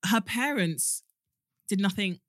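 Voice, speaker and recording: A woman's voice: mid-range voice, lively intonation, takes it slowly, dry recording, clean studio sound. A young woman co-hosting a casual podcast chat, emphatic, repeating words when worked up. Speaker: co-host.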